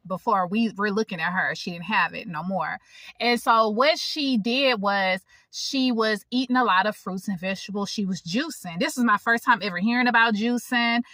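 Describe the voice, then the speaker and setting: A woman's voice: mid-range voice, sharp tone, no echo. A woman, telling a personal story in a casual vlog from her parked car, chatty and informal, talking straight to her viewers. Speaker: vlogger. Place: parked car in a public area.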